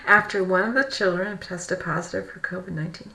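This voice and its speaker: A woman streaming live, reading news aloud haltingly and correcting her own stumbles between casual remarks. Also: lowish voice, fairly even intonation, vocal fry, bright, forceful tone. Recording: roomy echo, faint background noise.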